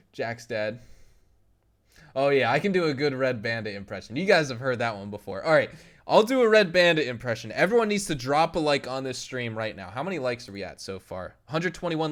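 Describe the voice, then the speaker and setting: A young man streams a game live and chats easily with his viewers. He talks at an average pitch in a loose, bantering way. He laughs often as he answers comments from the chat. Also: big pitch swings, normal speed, a bit bright. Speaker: gaming streamer.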